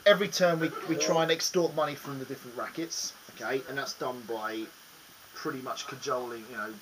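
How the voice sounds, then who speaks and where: A man explaining board game rules casually and haltingly, with many ums and restarts. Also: medium pitch, fairly even intonation, noisy background.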